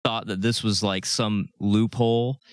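A man's voice: lowish voice, steady tone, a little slow, clear, resonant tone, no echo, clean studio sound. A man in casual podcast banter, dropping wry, sarcastic quips.

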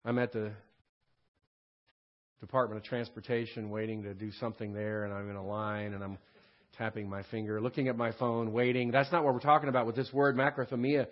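A man teaching a recorded Bible study lesson in a conversational way. He often checks in with "right?" and keeps clearing his throat. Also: on the low side, little pitch movement, brisk, highs cut off. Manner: frequent throat clearing and restarts.

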